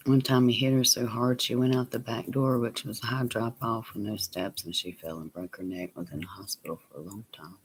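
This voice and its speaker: A man telling a personal story on his vlog, plain and unhurried, sometimes dropping to a near whisper. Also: lowish voice, fairly even intonation, slight background noise. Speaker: vlogger.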